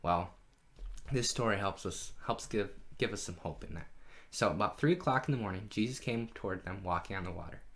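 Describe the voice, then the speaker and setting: A man leading a children's Bible lesson from home, telling the story in an animated way and asking the kids questions. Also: fairly low pitch, a little fast. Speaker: children's pastor. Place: home during lockdown.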